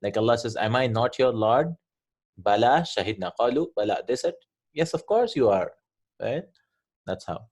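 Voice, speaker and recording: A man's voice: medium pitch, animated, moderate pace, darkish tone. A man teaching an Arabic grammar lesson from a textbook, explaining each point and often checking with "right?".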